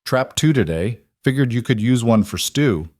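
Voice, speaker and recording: A man voicing a quiet mountain man who talks in short, clipped sentences. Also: medium pitch, animated, normal speed, no echo, studio quality, pitched above the performer's own voice, lightly acted. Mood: calm. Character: quiet mountain man, steady and plain-spoken.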